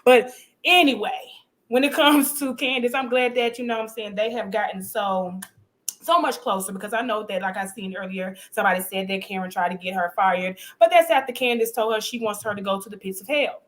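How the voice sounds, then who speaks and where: A woman on a live review panel, talking in an animated, sassy way and laughing often as she recaps a reality episode. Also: medium pitch, brisk. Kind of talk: casual show recap chat.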